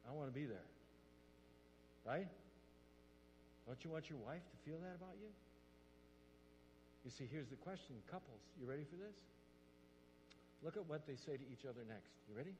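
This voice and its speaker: A man preaching a sermon as pastor, animated and quick, often putting questions straight to his listeners. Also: on the high side. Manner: animated, quick, asks the audience direct questions. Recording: long reverb with audible hum.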